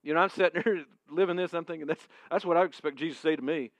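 A male pastor preaching a sermon to a congregation in a church room, emphatic and moving between booming and hushed. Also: quick pace, few pauses, no room sound, dull audio.

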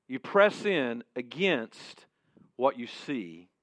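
A male preacher tells a sermon story in the second person and drops to a hush at key points. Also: mid-range voice, big pitch swings, slow, dry recording. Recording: dull, dry sound.

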